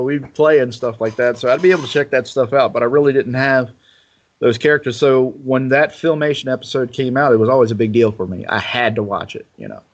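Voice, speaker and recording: A man on a podcast, reminiscing in a relaxed way with lots of fillers. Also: mid-range voice. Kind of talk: casual podcast chat. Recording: dull lo-fi podcast audio.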